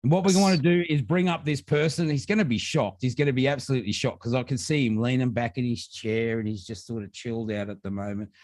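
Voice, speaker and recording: A man hosting a livestream prize announcement over a video call, animated and repeating his points for emphasis. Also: mid-range voice, fast talker, few pauses, dry recording, clean studio sound. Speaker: host. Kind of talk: live stream prize announcement.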